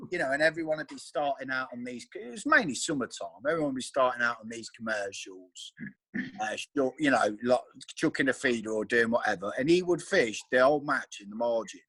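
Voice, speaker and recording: Animated man telling stories. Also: mid-range voice, husky, no room sound. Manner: animated storyteller, acts out friends' voices. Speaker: regular angler on the chat. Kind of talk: casual video call chat. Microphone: video call.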